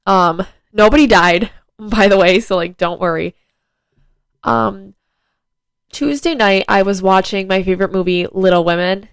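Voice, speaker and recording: A woman's voice: mid-range voice, a little slow, clean tone, dry recording. A teenage girl hosting her own podcast, talking casually and rambling with lots of ums and likes. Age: teens. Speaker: podcast host. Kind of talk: casual solo podcast talk.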